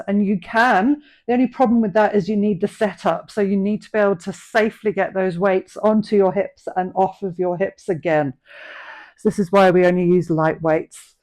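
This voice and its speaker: With a mellow, mid-range voice, a middle-aged woman from England leads a live online workout class as a fitness instructor. She encourages participants and gives practical cues for each rep and posture.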